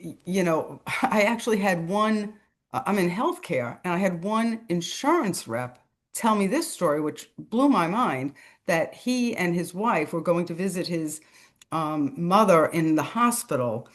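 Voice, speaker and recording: A middle-aged woman, an author appearing as a podcast guest, tells a personal story on a talk show in a casual, animated way. She acts out the voices of the people she quotes and laughs between phrases, speaking in a lowish, unhurried voice.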